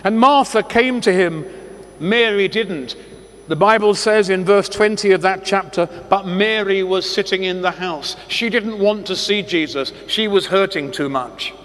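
A man preaching a sermon to a congregation, telling stories slowly and deliberately with dramatic pauses. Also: high voice, a bit bright. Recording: long echoey hall reverb.

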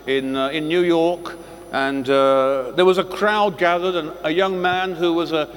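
A man preaching a sermon to a congregation, telling stories slowly and deliberately with dramatic pauses. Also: on the high side, fairly even intonation, smooth. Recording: long echoey hall reverb.

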